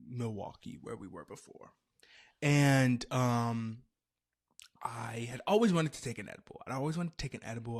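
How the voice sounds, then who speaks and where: A man in his twenties hosting a podcast, telling stories in a loose, animated way with playful asides. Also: mid-range voice, vocal fry. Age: 20s. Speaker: podcast host. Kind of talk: casual chat.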